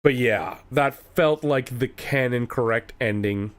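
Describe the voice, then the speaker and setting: A man's voice: medium pitch, measured pace. A man co-hosting a podcast in casual chat, explaining his view of a story in a conversational way. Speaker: podcast co-host.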